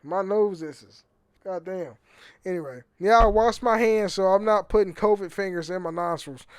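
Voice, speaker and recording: A young man with a fairly high voice rambles through his own podcast, swearing freely and tripping over repeated words. The sound is close and dry, with no room around it. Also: moderate pace, clear, resonant tone, dry recording. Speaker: podcast host. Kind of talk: rambling casual monologue.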